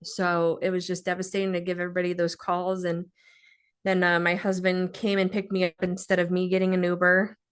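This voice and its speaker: A young woman telling a personal story in a podcast interview, speaking haltingly and with feeling, with many pauses and fillers. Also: on the low side, completely flat delivery, clean tone. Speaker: guest sharing a personal story.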